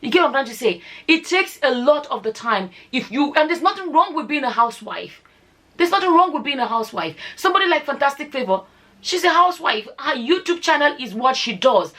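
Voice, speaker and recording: A woman's voice: high voice, animated, fairly quick, fairly bright tone. Nigerian woman vlogging with rhetorical questions. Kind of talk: casual opinion vlog.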